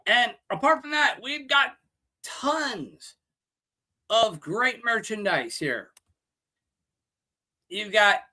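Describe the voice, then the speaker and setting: A male show host ranting with lots of swearing and pitching merchandise, loud and blunt. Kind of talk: profane rant and merch pitch.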